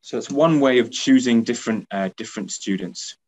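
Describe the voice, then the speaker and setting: A man leading a teacher training workshop who speaks patiently, repeats himself and keeps checking in with "okay?". He also acts out lively praise the way a teacher would give it to pupils. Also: medium pitch, a little fast.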